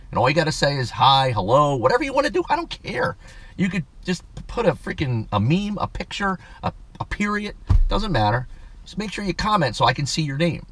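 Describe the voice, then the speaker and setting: A man's voice: medium pitch, a bit bright. A man hosting his own vlog, talking in a loose, rambling way, ranting and swearing, then apologizing. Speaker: channel host. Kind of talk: casual rambling vlog talk.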